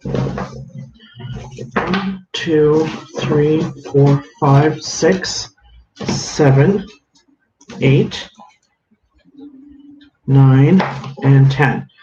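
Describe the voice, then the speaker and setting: Brief: male streamer, slightly high voice, chatty and casual, greets viewers by name; echoey room, dull lo-fi audio. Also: drawn-out words, pauses often, dark tone. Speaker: livestream host. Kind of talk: casual livestream chat. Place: home room with a counter. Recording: echoey room, dull lo-fi sound, faint hiss.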